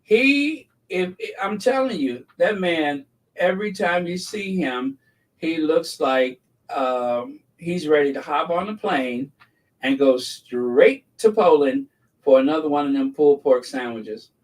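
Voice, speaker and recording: A man hosting a casual gossip channel, speaking slowly and unhurriedly in a rambling, mocking way. His voice sits somewhat high and is picked up from a distant mic. He keeps breaking into laughter at his own jokes. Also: animated. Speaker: channel host.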